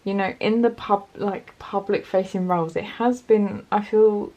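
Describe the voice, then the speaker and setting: A woman gives a relaxed pick-a-card tarot reading at a comfortable mid-range pitch. She is chatty and upbeat, encouraging the listener and speaking to them directly. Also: unhurried. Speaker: tarot reader.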